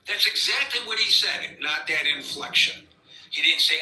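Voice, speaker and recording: A man's voice: a little high, very animated, measured pace, sharp tone. A man hosting a live political commentary podcast, rambling and sarcastic as he mocks what he hears. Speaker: podcast host. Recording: roomy sound, distant from the mic.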